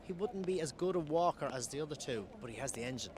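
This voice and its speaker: A man explains, calmly and in measured terms. He speaks as a former jockey in an outdoor parade ring. Faint outdoor noise hums behind. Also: on the high side. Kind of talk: interview.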